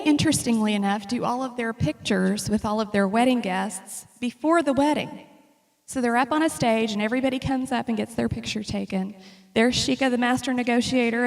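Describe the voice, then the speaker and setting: A woman with a slightly high voice tells chatty, funny stories about her travel photos. Her voice carries a long reverb from the large hall she speaks in. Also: vocal fry. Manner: chatty and humorous, lively storytelling. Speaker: speaker presenting travel slides. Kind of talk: casual slideshow talk to an audience.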